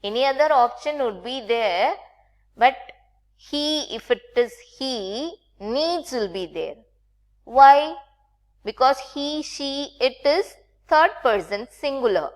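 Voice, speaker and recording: Slow, patient woman teaching grammar. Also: high-pitched, expressive. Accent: Indian English. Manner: slow, patient, checks in with "right?" often. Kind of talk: recorded grammar lesson.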